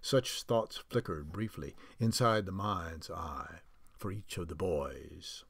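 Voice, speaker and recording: A man's voice: deep voice, vocal fry, fairly bright tone, slightly rough, dry recording. Man reading a novel in a dry voice. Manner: unhurried storytelling with small slips and restarts. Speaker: audiobook narrator.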